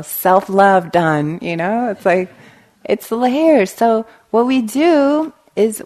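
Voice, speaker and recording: A woman meditation teacher giving a gentle dharma talk, telling stories and often checking in with "right?". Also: medium pitch. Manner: gentle, storytelling, frequent "right?". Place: meditation hall.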